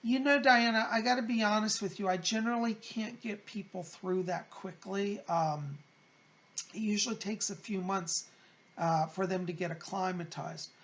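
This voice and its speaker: A man working as a psychic medium, reading viewer letters aloud and passing on spirit messages in a gentle, consoling, chatty way. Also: high voice, normal speed, highs cut off. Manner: gentle, consoling, chatty, calls listeners "hon".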